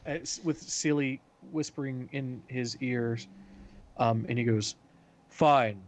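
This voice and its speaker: A man's voice: medium pitch, steady tone, unhurried. Casual male game master narrating. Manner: casual, full of "like" and "um".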